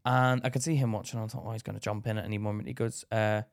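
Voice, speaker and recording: Racing along in a lowish voice with vocal fry, a man co-hosting a podcast recounts a story in casual conversation. He's animated, acting out the other people's voices in his anecdotes.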